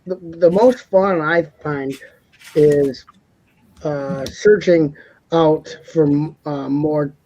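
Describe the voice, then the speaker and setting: A man's voice: a little high, drawn-out words, mellow, rough recording. A man co-hosting a casual live stream panel, talking in a rambling way, repeating words and laughing often.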